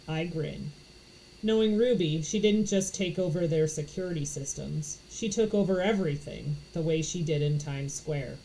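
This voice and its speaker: Woman from Florida, audiobook narration, low pitch, warm mellow tone. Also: moderate pace, slight background noise, poor audio. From Florida, USA. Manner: expressive first-person narration. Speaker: audiobook reader. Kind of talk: reading a novel aloud.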